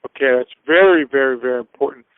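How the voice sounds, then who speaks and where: A man's voice: medium pitch, fast talker, clear, resonant tone, dry recording. A man talking as a guest on a radio show, earnest and casual, giving step-by-step business advice. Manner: earnest, acts out little scenes in voices. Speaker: finance guest. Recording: tinny phone-like dry sound.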